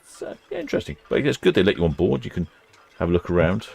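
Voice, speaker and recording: A man's voice: deep voice, very animated, quick pace, gravelly, darkish tone, husky. A British man hosting a live ship-watching stream, chatting casually and reading out viewer comments. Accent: British English. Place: indoors in a warm room by the quay.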